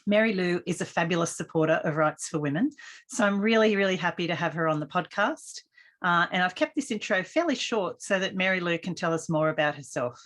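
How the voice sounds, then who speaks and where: A woman's voice: fairly low pitch, brisk, fairly bright tone. A woman hosting a podcast in a casual, chatty, effusive interview style from a small studio. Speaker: podcast host.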